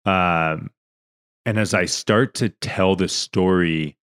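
A deep, smooth, slightly bright voice belongs to a young podcast co-host speaking slowly. During the casual conversation he tells an earnest, rambling story full of emotion and restarts, close to crying.

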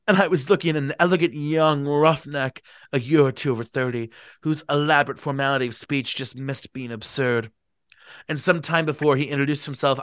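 Male host, book reading, joking asides, bright voice, dry sound. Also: medium pitch, no echo. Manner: jokey asides, playful. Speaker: host and reader. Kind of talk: book reading with comedic commentary.

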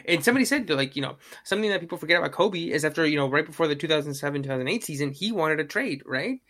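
A man's voice: a little high, lively intonation, racing, a bit bright. A man talking basketball in a loose, rambling, profane way, often mimicking people. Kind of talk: casual sports chat.

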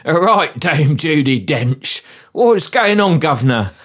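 A man's voice: on the high side, sing-song, slow, a bit bright, full character voice. A man voicing a brash male politician with a Cockney accent, slangy and blustering, in a comedy radio play. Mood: cheeky.

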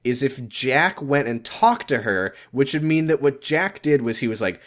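A man's voice: mid-range voice, expressive, normal speed, few pauses. A man co-hosting a podcast, recapping in a casual, rambling, sarcastic way. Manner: rambling, sarcastic, full of fillers. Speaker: podcast co-host.

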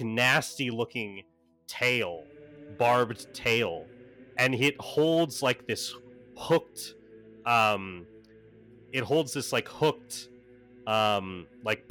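A man's voice: mid-range voice, a bit bright. A man game master narrating a tabletop game in a casual, rambling way.

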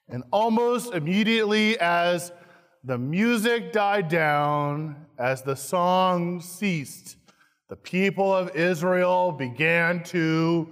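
A man, a pastor, preaching a sermon slowly and emphatically, acting out quoted lines with dramatic stress. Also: high-pitched, fairly bright tone, clean tone. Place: church sanctuary. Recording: long hall reverb, church sanctuary.

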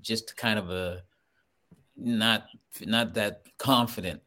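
Trinidadian man, lowish voice, animated storyteller, podcast guest. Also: slow. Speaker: guest actor. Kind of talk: casual podcast chat.

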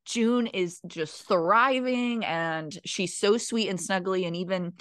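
A woman's voice: mid-range voice, slow, fairly bright tone, no echo. A mother hosting a podcast, speaking in an effusive, encouraging way to her guest and listeners. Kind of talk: casual podcast conversation.

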